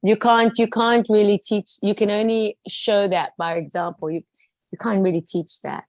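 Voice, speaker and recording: A South African woman chatting in a lively way and acting out the people in her stories. Her voice sits in a middle pitch. It is recorded close and dry, with no room sound. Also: moderate pace, no echo, low-quality recording. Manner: lively storyteller, quotes people in different voices. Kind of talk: casual chat.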